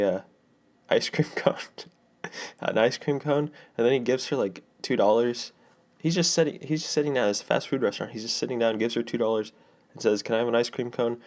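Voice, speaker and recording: A young man hosting a casual solo podcast, telling rambling stories and laughing often. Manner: rambling, chuckling storyteller who often laughs; animated, jumps high in pitch when telling a story. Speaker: podcast host.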